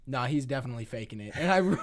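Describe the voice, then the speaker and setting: A man's voice: mid-range voice, lively intonation, rapid-fire. A man co-hosting a podcast, telling a rambling family story in casual chat and acting out the quotes. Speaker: podcast co-host.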